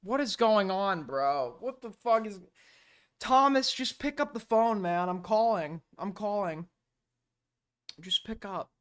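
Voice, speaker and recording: A man's voice: high voice, expressive, unhurried, a bit bright, clear, resonant tone. A sleep-deprived male streamer reacting casually to clips, profane, exasperated and rambling.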